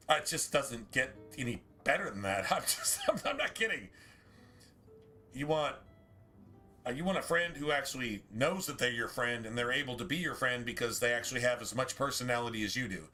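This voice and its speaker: Rambling bright-voiced male game streamer. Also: mid-range voice, lively intonation, normal speed, soft background music. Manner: rambling, talks in restarts and asides. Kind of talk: casual chat while streaming gameplay.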